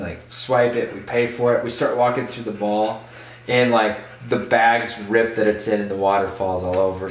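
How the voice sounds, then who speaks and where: A man who is a podcast guest telling a casual story in an animated way, full of "like". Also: mid-range voice, distant mic. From Michigan. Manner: animated, full of "like", acts out voices in quotes. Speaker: podcast guest, BMX rider. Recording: echoey room, off-mic.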